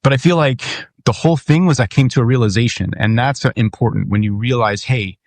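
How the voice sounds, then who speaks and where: A man's voice: medium pitch, fairly quick, no echo. Candid, profane man podcasting solo. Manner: candid, profane, rambling with restarts. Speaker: podcast host. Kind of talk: casual solo monologue.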